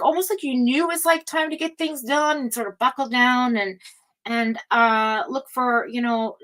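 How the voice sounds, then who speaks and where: A woman's voice: medium pitch, fairly bright tone, poor audio. A woman giving a casual, rambling tarot reading, full of fillers and asides. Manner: chatty, rambling, frequent fillers and laughs. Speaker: tarot reader.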